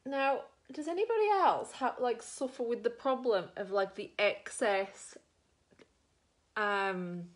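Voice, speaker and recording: A middle-aged woman with an Australian accent talks slowly in a highish voice with lively intonation. Doing her makeup on camera, she tells a long, rambling story thick with fillers.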